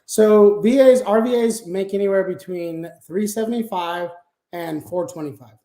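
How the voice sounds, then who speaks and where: A man's voice: high-pitched, normal speed, dark tone, reverberant. A man talking casually as an interview guest about managing a sales team, explaining things step by step with frequent fillers.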